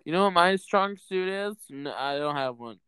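Young male podcast co-host, smooth voice, dry close sound, crude jokester. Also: fairly high pitch, animated, normal speed, fairly bright tone, no room sound. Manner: joking, laughs often, crude. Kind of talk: casual chat.

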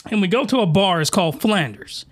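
Guy doing a comedy podcast, super animated, voice all over the place, slangy and disbelieving. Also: high-pitched, brisk. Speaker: podcast host.

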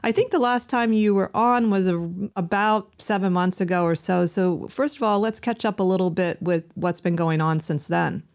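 Show host w/ a creaky gravelly voice, friendly, laughs along, keeps the interview moving. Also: mid-range voice, moderate pace, few pauses. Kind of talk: casual interview.

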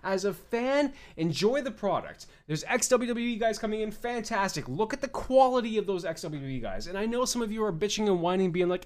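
A man's voice: high voice, sing-song, a little fast, few pauses. A young man hosting a podcast, ranting bluntly with lots of swearing and mocking other fans in quoted voices. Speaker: podcast host. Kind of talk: opinionated podcast rant.

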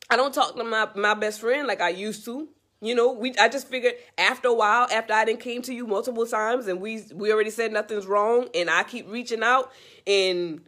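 A woman's voice: fairly high pitch, fairly bright tone. Earnest woman giving casual life advice. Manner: earnest, repetitive, preachy, talks straight to the listener. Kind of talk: casual heartfelt monologue.

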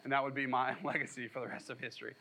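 A man's voice: mid-range voice, rapid-fire, creaky, a little hiss or hum, poor audio. A man preaching a sermon as pastor, reading scripture and retelling it with casual asides and jokes. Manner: animated storytelling with asides and jokes.

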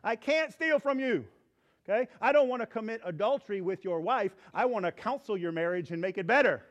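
A man preaching in a church, high in pitch for his sex. He moves between fervent, worked-up preaching and a quiet, gentle altar-call prayer. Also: animated, a little fast, dull audio. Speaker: pastor. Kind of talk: sermon. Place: church sanctuary.

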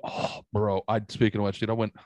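A man hosting a casual podcast, telling stories in an animated way and swearing freely. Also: on the low side, brisk, no room sound. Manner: animated storytelling, swears a lot. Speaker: podcast host.

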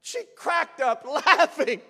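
A male pastor telling a personal story in a sermon, animated and emphatic, sometimes bursting into a shout. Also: very high voice, slow. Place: church sanctuary. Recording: long reverb of a large hall.

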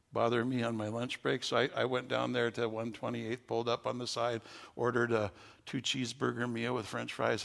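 An older man, a pastor with a gravelly voice, preaching a sermon with folksy stories that rise into fervent preaching. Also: medium pitch, a bit bright, big-room sound.

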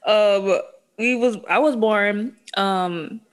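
A woman's voice: mid-range voice, drawn-out words, clean tone. A woman, sounding a bit sniffly, talking candidly and casually with laughs and slang. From New Orleans, Louisiana. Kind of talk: casual chat.

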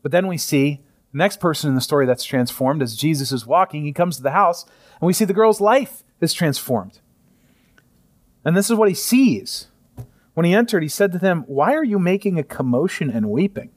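A man in his thirties preaching a sermon in a conversational way, often chuckling and sometimes dropping to a soft near-whisper. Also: fairly high pitch, expressive, normal speed. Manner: chuckles often while speaking. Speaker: pastor.

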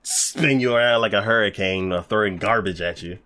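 A man's voice: fairly low pitch, moderate pace, sharp tone. A man in casual chat reviewing an anime, rambling and hesitant with lots of fillers. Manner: rambling, hesitant, many fillers, laughs often.

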